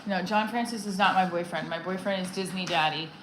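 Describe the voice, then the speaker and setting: A woman stand-up comedian chatting casually on a livestream, excitable and swearing freely. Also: fairly low pitch, brisk, echoey room, a little hiss or hum, low-quality recording.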